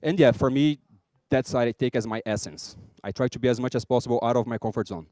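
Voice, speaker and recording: A man with a Brazilian accent giving a lively conference talk, acting out small scenes and joking with the audience. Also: mid-range voice, fast, no echo, studio quality. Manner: lively, acts out little scenes and jokes with the audience. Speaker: conference speaker.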